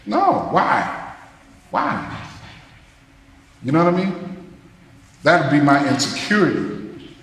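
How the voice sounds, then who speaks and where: A man, a jazz musician, talking to students in a loose, animated way, scatting rhythms as he tells stories. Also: on the high side, takes it slowly, long pauses. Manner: animated, scats rhythms, loose casual phrasing. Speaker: jazz musician giving a masterclass. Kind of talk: storytelling talk to students. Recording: echoey hall with long reverb, faint noise.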